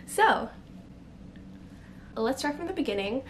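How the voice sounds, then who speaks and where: A young adult woman vlogger tells a candid, emotional personal story to camera in a confessional vlog, near tears at times and using lots of fillers. Her voice is high-pitched and very animated, her pace slow, with slight background noise.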